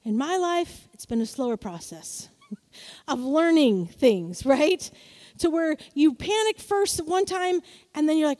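Woman pastor, middle-aged, high voice, lively sermon delivery with acted asides. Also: normal speed. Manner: animated, playful storytelling with acted-out voices.

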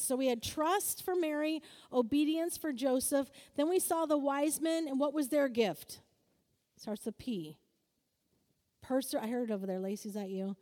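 Woman preacher, high and mellow voice, lively and talky, asks the room for answers, long hall echo. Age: adult, married. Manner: lively, calls for audience answers, acts out quoted voices. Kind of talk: sermon-style teaching to a group.

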